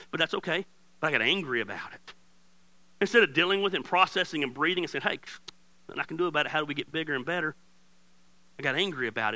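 Middle-aged guy pastor preaching, jokey and candid, gets loud then quiet, kinda high bright voice. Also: dry recording. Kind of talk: sermon.

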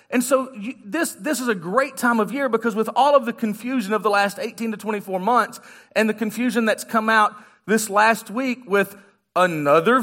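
A man's voice: high voice, fairly bright tone. A man giving a sermon as guest pastor, joking and conversational with the congregation in a church. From United States. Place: church sanctuary.

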